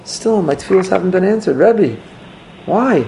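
A man doing a pleading Hasidic follower, pitched high, gravelly, strained and desperate. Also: lively intonation, moderate pace, warm tone, a little hiss or hum.

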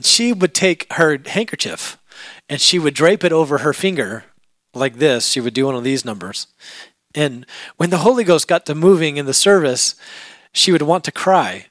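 High-voiced man preaching a story sermon. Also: no echo. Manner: animated storyteller who asks the congregation questions and acts out scenes.

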